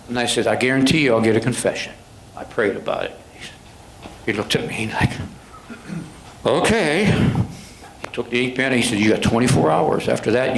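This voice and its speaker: A man's voice: medium pitch, a little hiss or hum. Older man telling a police story in an echoey room. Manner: retells dialogue, acting out voices of judges and attorneys. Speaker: police sergeant speaking to a club. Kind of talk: anecdotal storytelling talk.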